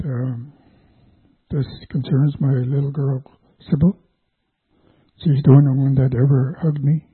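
An older man from Canada giving a personal testimony as a church guest, speaking haltingly with pauses and restarts. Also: mid-range voice, husky, no room sound. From Canada, Vancouver Island. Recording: tinny phone-like dry recording.

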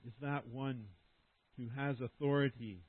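A man preaching a sermon as pastor at a church service, earnest and often dropping to a hushed voice as he ends a thought. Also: medium pitch, steady tone, measured pace, dry recording, narrow, tinny audio.

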